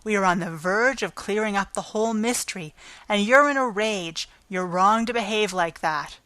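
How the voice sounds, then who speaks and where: A woman reading an audiobook, voicing a calm, authoritative male theatre manager. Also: mid-range voice, normal speed, no room sound, close to an everyday voice. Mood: commanding. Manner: calm, commanding, amused.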